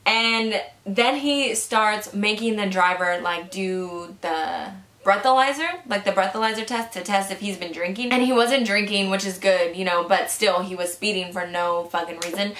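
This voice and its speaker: A woman's voice: medium pitch, moderate pace, fairly bright tone. A young adult woman vlogger telling a story in a casual, chatty way. She swears freely and fills her sentences with "like". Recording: echoey room.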